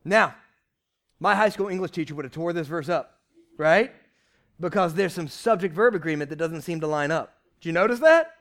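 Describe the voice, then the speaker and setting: A young man preaching a lively, conversational sermon from a church stage, shouting at times for emphasis. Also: on the high side, moderate pace. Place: church stage before a congregation.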